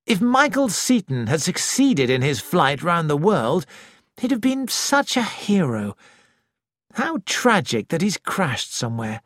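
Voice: mid-range voice, sing-song, unhurried, a bit bright, dry recording, clean studio sound. A reader voicing a polished, worldly society man with a languid manner, in an audiobook.

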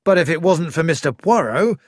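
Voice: mid-range voice, animated, fairly quick, dry recording, clean studio sound, close to an everyday voice. A reader voicing an eager police inspector.

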